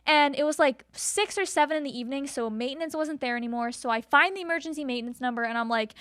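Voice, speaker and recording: A woman in her twenties, a podcast co-host telling a story in casual chat and acting out the quotes with lively jumps. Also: fast, few pauses, no room sound, clean studio sound. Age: 20s. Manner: animated, acts out quotes with big pitch jumps.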